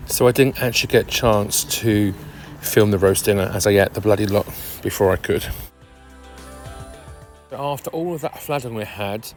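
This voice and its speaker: A man's voice: on the low side, normal speed, faint music behind. A British man chatting casually to camera in a cheeky way, laughing often and swearing mildly as he vlogs about life on his boat. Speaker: narrowboat vlogger. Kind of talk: casual vlog chat.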